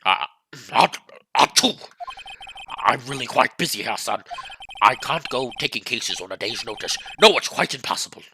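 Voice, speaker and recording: A man's voice: medium pitch, expressive, moderate pace, vocal fry, noisy background, voice pushed down. A man voicing a pompous, flustered older male lawyer in a game let's play, blustering and dodging questions.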